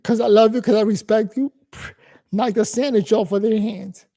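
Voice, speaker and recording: A man's voice: high-pitched, steady tone, normal speed, creaky, warm tone. A man in his forties from New York, giving a blunt, profane, rambling casual monologue as host.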